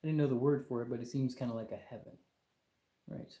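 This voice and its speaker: A man's voice: medium pitch, fairly even intonation, quick pace, dark tone, reverberant. A man hosting a casual livestream, talking in an emphatic, exasperated rant with lots of repetition. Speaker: livestream host.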